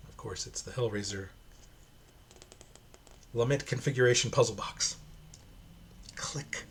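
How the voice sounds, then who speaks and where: A man's voice: mid-range voice, unhurried, long pauses, fairly bright tone. A man giving casual, profane, opinionated commentary while reading a comic aloud. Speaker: comic reviewer.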